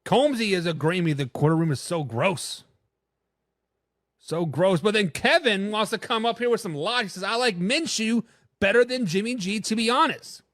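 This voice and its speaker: Dry, studio-quality audio captures a high-pitched man speaking at a moderate pace while hosting a live sports talk stream. Excitement makes him stumble and repeat himself as he delivers blunt opinions and answers viewers in the chat.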